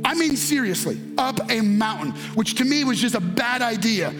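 High-voiced man preaching a sermon. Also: expressive, moderate pace, music in the background. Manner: preaching with call-and-response, rising to shouts; rhythmic, emphatic repetition. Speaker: pastor.

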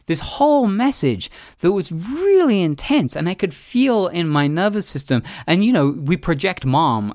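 A man's voice: fairly high pitch, dry recording. Dry-voiced man telling a rambling story. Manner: rambling, reflective, many fillers and restarts. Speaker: podcast host. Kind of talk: casual storytelling monologue.

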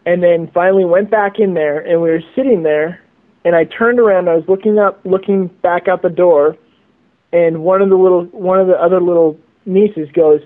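A man's voice: high-pitched, moderate pace. A man telling a story as a guest over the phone, rambling and repeating words. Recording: tinny phone line.

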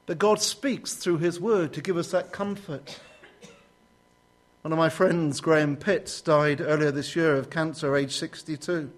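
Male preacher, slightly high voice, storytelling sermon, lively quoted prayers. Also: measured pace. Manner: storytelling, rising sharply when quoting prayers.

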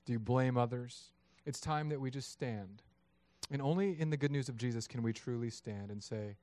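A man in his thirties preaching a sermon, lively and acting out voices of God and people in his story. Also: medium pitch, normal speed. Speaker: pastor.

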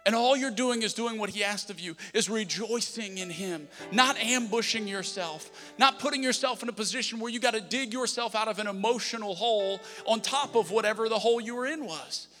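A man's voice: high voice, brisk, hardly any pauses, bright, forceful tone, long reverb tail, faint music behind. A young adult man preaching a sermon as pastor, conversational and emphatic, often voicing prayers aloud. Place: church hall.

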